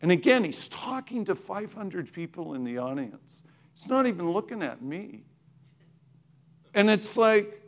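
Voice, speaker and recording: Guy telling his testimony, slow and emotional, keeps restarting, pitch jumps all over. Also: sing-song. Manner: emotional, halting, many restarts and fillers. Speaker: speaker sharing a testimony. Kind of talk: personal testimony.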